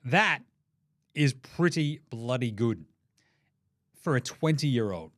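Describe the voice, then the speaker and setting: A man with an Australian accent hosting a sports show, excitable and sweary, cracking jokes. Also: mid-range voice, slow. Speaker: podcast host. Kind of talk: energetic sports commentary.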